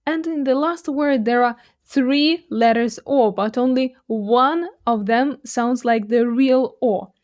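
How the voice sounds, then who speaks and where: A woman gives a language lesson at an unhurried pace, her voice pitched a touch high. She lays out each pronunciation point clearly and models the example phrases slowly and with careful articulation. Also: a little mellow. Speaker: Russian teacher. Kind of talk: language lesson with shadowing drills.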